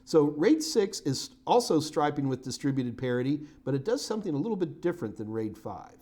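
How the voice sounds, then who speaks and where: A man's voice: on the high side, very animated, brisk, mellow. A middle-aged man giving a live-streamed technical lecture as an IT certification instructor, casual and joking as he talks through his slides.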